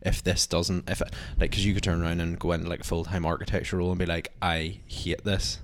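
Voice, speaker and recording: A young man with a very low voice chats on a podcast. He rambles loosely, with "like" in nearly every phrase. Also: little pitch movement, rapid-fire, a little hiss or hum. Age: young adult. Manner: rambling, heavy use of "like". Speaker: podcast co-host. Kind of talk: casual chat.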